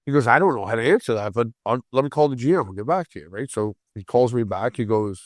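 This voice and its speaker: A man in his forties telling a long story on a podcast in a casual way. He acts out the other people's voices, repeats words when he gets excited, and laughs along. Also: mid-range voice, quick pace, dry recording, studio quality. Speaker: guest storyteller.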